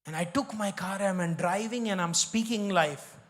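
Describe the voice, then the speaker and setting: A man's voice: high-pitched, moderate pace, fairly bright tone. A man with an Indian English accent, a pastor preaching a sermon in an emphatic, repetitive way, slipping into Hindi.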